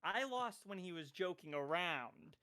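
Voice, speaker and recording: A young man chatting casually and joking along with his friends. His voice sits a little on the high side. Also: lively intonation, unhurried, bright, forceful tone, clear, resonant tone. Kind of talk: casual chat.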